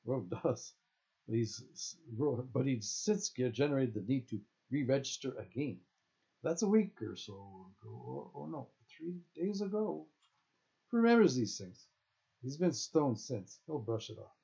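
A man's voice: mid-range voice, sing-song, unhurried, gravelly, dark tone. A man reading his own novel aloud, stumbling now and then and correcting himself mid-sentence. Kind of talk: audiobook-style reading of own fiction. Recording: dull lo-fi recording.

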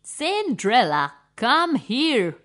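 A woman's voice: on the high side, huge pitch swings, takes it slowly, a bit bright, heavily acted. A woman voicing spoiled, mean young stepsisters who make haughty demands in a children's story.

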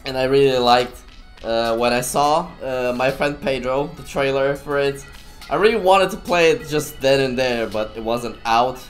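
A young man giving goofy, playful let's-play commentary as a gaming YouTuber, laughing often and at times shouting. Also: fairly high pitch.

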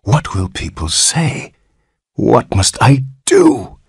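A man's voice: lowish voice, very animated, slow, creaky, breathy edge, no echo, clean studio sound, voice pushed up, heavily acted. A man voicing a panicked father who thunders in terror and moans in horror. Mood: horrified. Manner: thundering, frantic outbursts and horrified moaning.

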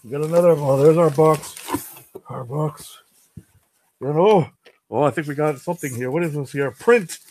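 A man playing Venom, a boastful alien symbiote, in a goofy, excitable in-character comic unboxing. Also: on the high side, moderate pace, long pauses, lightly acted. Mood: excited playful. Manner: goofy, excitable, answers himself with "yes".

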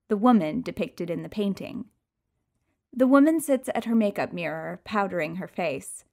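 A woman reading a first-person audiobook, expressive and moving between hushed and excited passages. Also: medium pitch. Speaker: audiobook reader.

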